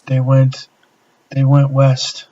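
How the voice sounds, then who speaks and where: A man plays a panicked farmer who stumbles over his words. The voice stays flat and slow. It comes through dull lo-fi stream audio. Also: mid-range voice. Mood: frantic. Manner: stammering, frantic. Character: panicked male farmer, distraught.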